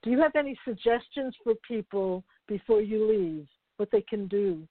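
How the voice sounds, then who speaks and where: A woman hosting an interview and asking questions in an appreciative, warm way. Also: medium pitch, animated, normal speed, dry recording. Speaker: interview host. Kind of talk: casual interview. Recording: dry phone-like line.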